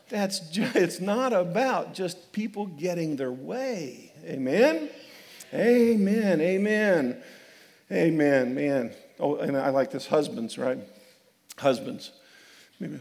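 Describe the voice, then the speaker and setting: A male pastor preaches in a church sanctuary with a high, emphatic voice. He jokes, repeats himself and calls out for amens. His voice rings with the long reverb of a large hall. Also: lively intonation, slow pace, vocal fry, darkish tone. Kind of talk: sermon.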